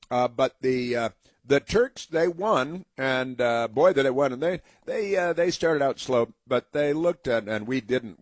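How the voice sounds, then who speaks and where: A man's voice: mid-range voice, no room sound. A man from the United States hosting a casual political commentary monologue, rambling with many fillers and restarts in a mocking tone.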